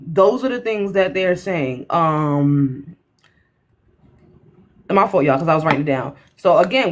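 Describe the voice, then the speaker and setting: A woman hosting a livestream panel over an online call, blunt and mocking, cutting in on a heated casual debate. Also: low voice.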